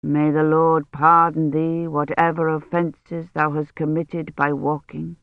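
A reader voicing a gentle, solemn medieval priest who murmurs Latin prayers slowly. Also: medium pitch, flat delivery, vocal fry, no echo, pitched below the performer's own voice. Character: gentle solemn medieval male priest giving last rites. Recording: dry tinny phone-like audio.

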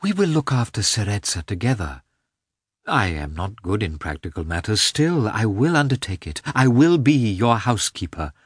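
A man voicing a devout, ecstatic countess who speaks softly and fervently. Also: on the low side, big pitch swings, normal speed, breathy edge, dry recording, clean studio sound, voice pushed up. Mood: fervent consoling. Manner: soft, fervent, sighing. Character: pious ecstatic countess, middle-aged, consoling and devout. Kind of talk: audiobook character voice.

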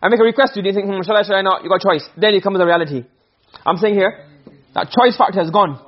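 A man's voice: high voice, fast talker, slightly rough, highs cut off. A man teaching a classroom lesson, explaining point by point and often checking whether the students follow. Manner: explains with repeated questions to students.

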